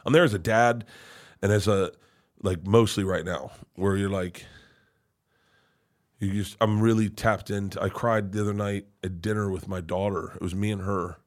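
A man's voice: on the low side, steady tone, moderate pace. A middle-aged man, a podcast guest, telling personal stories in a loose, rambling way, with lots of swearing, restarts and laughter. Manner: rambling, profane, emotional, with frequent restarts and laughs. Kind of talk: casual storytelling chat.

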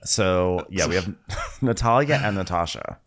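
Low-voiced man chatting wryly. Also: lively intonation, measured pace, a bit bright. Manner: wry, laughs often, quotes cast members in campy voices. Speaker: podcast co-host. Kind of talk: casual chat recapping a reality show.

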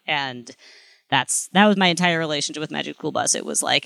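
A podcast co-host reading celebrity trivia items aloud, chatty and quick to laugh. The voice is bright and mid-pitched, and it sounds close and dry. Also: vocal fry, no echo. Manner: lively, chatty, laughs often. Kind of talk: reading gossip items in casual chat.

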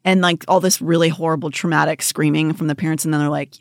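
A woman's voice: low-pitched, fairly even intonation, fast talker, few pauses, dry recording, clean studio sound. Blunt, laid-back woman podcast host. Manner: blunt, swears freely, laughs often. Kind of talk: casual podcast chat.

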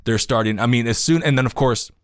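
A man's voice: medium pitch, fairly quick, no room sound, clean studio sound. A man hosting a podcast, giving casual news commentary with sarcastic asides and growing indignation. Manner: animated, sarcastic, gets indignant. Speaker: podcast host.

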